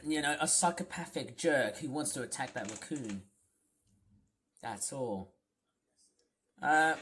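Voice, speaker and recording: A gaming video host giving rambling commentary, halting with many fillers and restarts, and trailing off quietly at the ends of phrases. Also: mid-range voice, a little hiss or hum.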